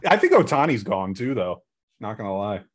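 A man's voice: lowish voice, very animated, normal speed, a crowd in the background. A man in a casual sports chat, opinionated and rambling, with frequent restarts.

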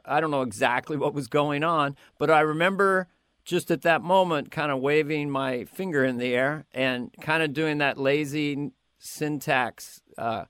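A male comedian chatting in an interview, lively and quick to slip into impressions. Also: a little high, smooth, no echo, clean studio sound. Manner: animated, slips into quick impressions and sings snatches. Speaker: comedian guest. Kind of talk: casual interview chat with impressions.

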